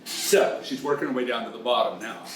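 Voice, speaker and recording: A man's voice: medium pitch, fairly quick, distant mic, slight background noise. A man hosting a comic lesson who retells a story in a playful, bawdy, teasing way. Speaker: host. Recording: echoey room, voice off the mic.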